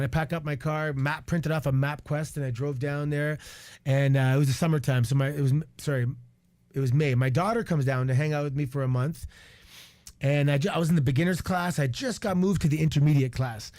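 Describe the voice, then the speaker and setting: Guy in his 40s from canada, fairly high voice, swears a lot telling his story, dry close sound. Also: darkish tone, no room sound. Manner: candid and profane, lots of restarts and quoted asides. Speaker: guest, retired wrestler. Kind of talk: animated storytelling on a radio show. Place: radio studio.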